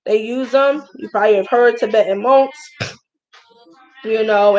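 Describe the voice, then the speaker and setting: A young woman casually hosting a livestream, chatty and spiritual, pausing with sighs as she talks. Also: medium pitch, rough recording. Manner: chatty, spiritual, gets emotional with sighs and pauses. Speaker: livestream host, herbal brand founder.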